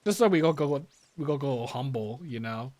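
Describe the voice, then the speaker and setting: Speaking fast and expressively at a medium pitch, a young let's play gamer from Philadelphia wanders through commentary on his game, full of fillers and false starts. His tone is a little mellow, and there's no echo.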